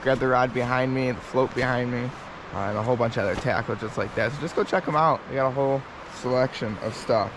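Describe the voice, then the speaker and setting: By a river in winter, a fishing channel host talks plainly to his viewers in a casual outdoor vlog before signing off. His mid-range voice moves at a quick pace, relaxed and matter-of-fact, with background noise audible.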